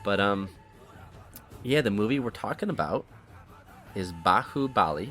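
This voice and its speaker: Low-voiced rambling podcast host man. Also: sing-song, a little fast, faint music behind. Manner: rambling, apologetic, circles back on itself. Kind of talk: casual movie-review chat.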